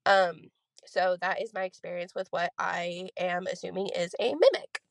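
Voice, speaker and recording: A woman's voice: lowish voice, fairly even intonation, normal speed, gravelly, no echo. Young woman rambling through a voice message. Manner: rambling, many fillers. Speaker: listener sharing a ghost story. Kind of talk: recorded voice message, casual storytelling.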